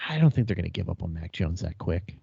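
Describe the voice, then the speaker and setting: A man with a low, dark, mellow voice, cracking wry, profane jokes as a podcast co-host. The audio is dry and dull, like a remote podcast call. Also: big pitch swings, fast talker, creaky, husky, no room sound. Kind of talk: casual chat.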